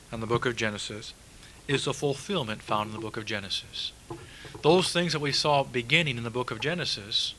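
A man's voice: medium pitch, sharp tone, a little hiss or hum, poor audio. A man preaching a sermon, emphatic, repeating key words and asking rhetorical questions.

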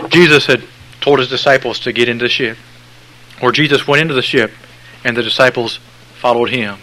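A man preaching a sermon with repetitive, emphatic phrasing and folksy sayings, swinging from hushed lines to loud, high outbursts. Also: rough recording.

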